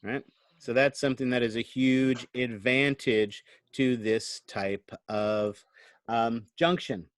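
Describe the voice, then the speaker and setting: This lecturer takes things slowly, his medium-pitched voice fairly even in intonation and the recording dry. Talking into a computer microphone for a recorded online class, he explains in a conversational way and regularly asks "right?".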